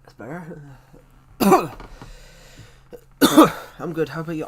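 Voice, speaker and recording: A man's voice: fairly high pitch, expressive, slow. A man chatting casually on a live stream, rambling and correcting himself, with a tickly throat that keeps him coughing.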